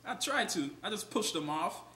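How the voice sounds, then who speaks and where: A young man playing a college student, telling a profane, animated story in an amateur student film. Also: high-pitched, moderate pace. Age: young adult. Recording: roomy sound with music behind.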